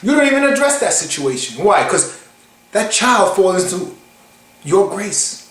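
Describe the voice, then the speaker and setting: A man delivers a casual, emphatic preaching monologue and acts out short quotes. His voice sits very high for a man. The room around him is echoey. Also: very animated, unhurried, a bit bright. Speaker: online preacher.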